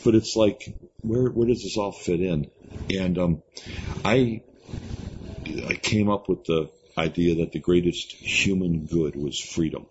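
A man's voice: sits low, measured pace, a little mellow. An older man, an interview guest, sharing a personal faith testimony in an earnest storytelling way, often laughing and repeating words. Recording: slightly muffled recording with faint hiss.

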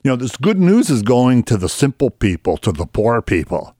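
A man's voice: mid-range voice, big pitch swings, normal speed, warm tone, dry recording, studio quality. A man co-hosting a Christian radio talk show, explaining Bible passages in a rambling, conversational way and laughing easily.

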